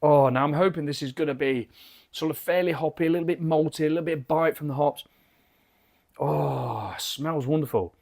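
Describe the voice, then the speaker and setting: A man's voice: a little high, normal speed, vocal fry, a little mellow. A British man giving a chatty, enthusiastic and rambling beer review from his garden cabin bar. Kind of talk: casual video review.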